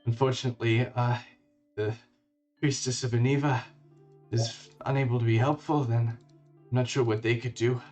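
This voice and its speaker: A man's voice: medium pitch, steady tone, normal speed, long pauses, darkish tone, soft background music, close to an everyday voice. A man voicing a weak, wounded young male shopkeeper who stammers and is winded as he talks. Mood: halting.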